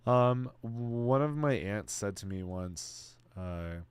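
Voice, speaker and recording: A young man streaming live, reading and answering chat in an excitable, casual way, swearing freely and calling everyone "bro". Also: fairly low pitch, takes it slowly, clear, resonant tone, no room sound.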